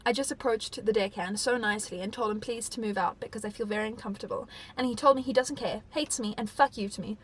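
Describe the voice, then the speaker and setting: Chatting away at a fast clip with barely a pause, this young South African vlogger reads from her diary and rambles, leaning heavily on "like." Her voice sits a little high, and some faint background noise is audible.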